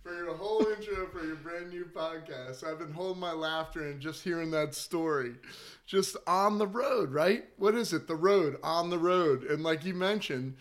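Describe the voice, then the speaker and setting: A man's voice: fairly high pitch, normal speed, hardly any pauses. A man who is a podcast guest, chatting in an easygoing way with a ready laugh, recorded in a hotel room. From New Jersey. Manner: laughing, easygoing, uses "dude". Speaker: podcast guest, fishing show host. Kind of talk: casual podcast chat.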